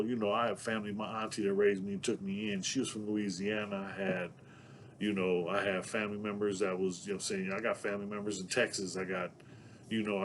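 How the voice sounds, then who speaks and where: A man's voice: fairly low pitch, a little hiss or hum. A man from San Diego telling stories to camera in a casual, rambling way, packing his talk with fillers and laughing between thoughts. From Southeast San Diego, California. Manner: rambling, packed with "you know what I'm saying". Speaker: vlogger telling prison stories.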